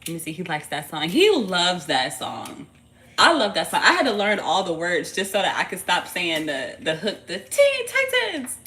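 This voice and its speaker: Bright-voiced playful woman streamer. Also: lowish voice, big pitch swings, moderate pace, a little hiss or hum. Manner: playful and loose, teasing a baby between readings; slangy and profane, bursts into laughter. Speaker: tarot reader and streamer. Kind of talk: casual livestream chat.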